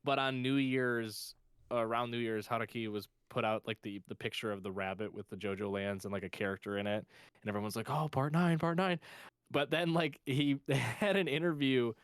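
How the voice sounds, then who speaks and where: A man chatting on a podcast with a smooth, resonant voice and a dry, close sound. He rambles eagerly as an excited fan, piling one thought onto the next. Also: medium pitch, brisk, no room sound. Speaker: podcast co-host. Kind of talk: casual podcast chat.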